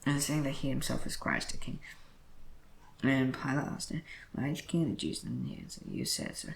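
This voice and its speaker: A man reading scripture aloud in a brisk way, often slipping and correcting himself as he goes. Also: medium pitch, wildly swooping pitch, vocal fry, slight background noise, low-quality recording. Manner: brisk reading with frequent slips and self-corrections. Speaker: Bible reader.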